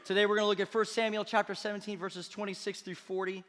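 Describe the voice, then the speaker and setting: A man preaching a sermon as pastor, energetic and conversational, with playful asides to his congregation. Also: high voice, fast, big-room sound. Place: church auditorium.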